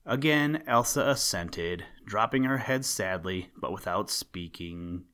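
A man reading an old storybook tale aloud in a calm, measured way. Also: fairly low pitch.

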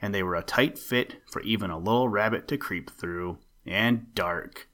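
A man with a fairly low voice hosts his podcast and tells a children's story. His reading is gentle and expressive, easing through the narration. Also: moderate pace.

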